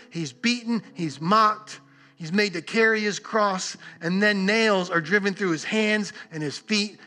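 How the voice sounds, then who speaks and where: A man preaching a sermon earnestly, leaning on repeated words and long pauses. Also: high-pitched, pushed and bright. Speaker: pastor.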